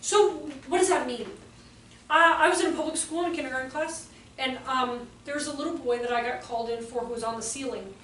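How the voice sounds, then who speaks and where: A woman teaching a workshop for early childhood teachers to a live audience, animated and often acting out voices and exclamations. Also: high-pitched, fast. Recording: roomy echo, voice from a distance, faint background noise.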